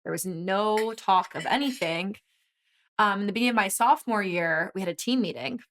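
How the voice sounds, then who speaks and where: A woman in her twenties talks as a guest in relaxed conversation, her voice sitting at a middle pitch. She tells her story with animation and quick asides. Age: 20s. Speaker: guest, former college swimmer. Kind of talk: casual conversation.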